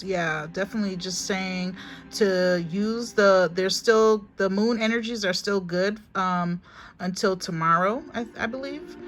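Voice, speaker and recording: Speaking into a phone, a spiritual reader with a mid-range, slightly bright voice delivers a casual reading. She's chatty and emphatic, says things more than once, and keeps addressing viewers as honey.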